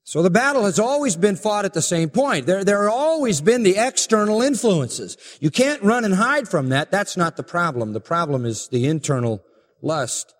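A man preaching a sermon in an earnest, emphatic way that builds to forceful peaks. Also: a little high, in a large hall.

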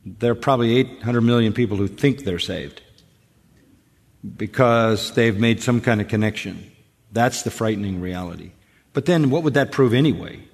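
A man talking in a relaxed radio discussion. He speaks earnestly and with emphasis, and often repeats words as he starts a thought. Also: lowish voice, normal speed, long reverb tail.

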